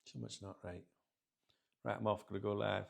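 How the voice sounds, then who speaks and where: Man, middle-aged, very gravelly, lowish voice, rambling sweary rant to camera. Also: little pitch movement, brisk. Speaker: football channel host. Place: sat in a chair indoors.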